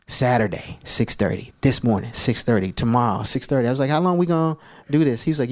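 A man preaching a sermon as pastor, telling animated, jokey stories to his church. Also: medium pitch, fast.

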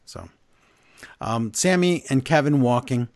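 A man co-hosting a podcast, recapping events in casual chat, animated and blunt with his opinions. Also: mid-range voice, measured pace, no echo, clean studio sound. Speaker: podcast co-host.

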